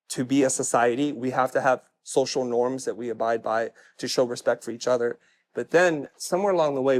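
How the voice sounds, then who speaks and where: A man's voice: medium pitch, a little mellow. Candid man giving a stage talk. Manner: candid, self-deprecating storytelling. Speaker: personal branding speaker. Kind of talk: stage talk to a live audience.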